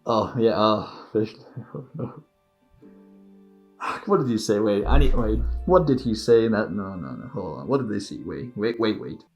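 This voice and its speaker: Man, unhurried reaction-vlog host, lively pitch, laughs a lot, faint music behind. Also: muffled recording. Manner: laughs often, exclaims and repeats phrases. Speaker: reaction video creator. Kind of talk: casual movie reaction commentary.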